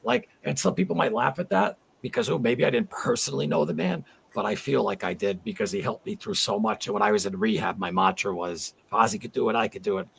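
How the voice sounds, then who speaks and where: A man's voice: fairly low pitch, a little fast, gravelly, few pauses, slight background noise. A man in his forties hosting a casual livestream chat, rambling and heartfelt as he reads viewer comments aloud. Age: 40s. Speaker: livestream host.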